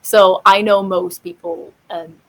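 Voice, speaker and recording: A woman's voice: medium pitch, steady tone, unhurried, gravelly, low-quality recording. A young woman chatting casually as a podcast guest, with lots of "like" fillers. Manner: chatty, full of fillers like "like", laughs easily. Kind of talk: casual chat.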